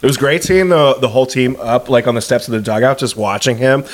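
Easygoing man chatting about sports, mid pitch. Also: quick pace. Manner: laughing easily, filler-heavy, says "dude" and "like". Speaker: podcast co-host. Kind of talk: casual sports chat.

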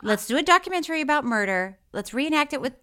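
A woman's voice: high-pitched, animated, fast talker, bright, forceful tone. A woman co-hosting a podcast in casual chat, reading listener mail in a playful, giggly way. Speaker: podcast co-host.

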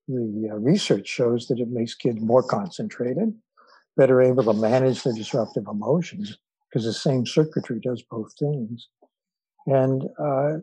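A man, an author and guest, telling stories in an interview in a measured way with frequent fillers. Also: medium pitch, dark tone, slightly rough, dry recording, poor audio. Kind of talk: storytelling in an interview.

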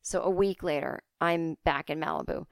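A woman hosting a podcast, rambling through an absurd comic story in a deadpan way, recorded close on a studio mic. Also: low voice, moderate pace, vocal fry, no room sound. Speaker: podcast host and comedian.

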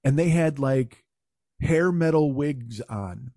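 A man's voice: medium pitch, takes it slowly, no echo, studio quality. A man co-hosting a podcast in casual chat, telling stories with lots of swearing and mimicking people. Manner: profane, animated storyteller who mimics people. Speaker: podcast co-host.

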